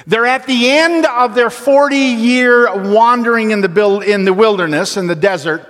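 Higher-voiced preacher in a reverberant hall. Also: male voice, a bit bright. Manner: storytelling, slows and drops low for emphasis. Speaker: pastor. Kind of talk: sermon. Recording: long reverb of a large hall.

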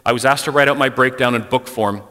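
In a church sanctuary, a middle-aged man talks openly about mental health to the congregation, his manner conversational, personal, and sprinkled with "like." He speaks quickly in a bright, forceful, medium-pitched voice that trails a long reverb through the hall.

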